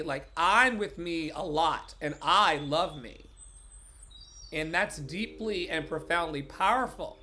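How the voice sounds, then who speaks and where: A man's voice: a little high, sharp tone. A man giving an impassioned motivational talk as a life coach, preachy and emphatic, repeating lines for emphasis. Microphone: phone or webcam livestream.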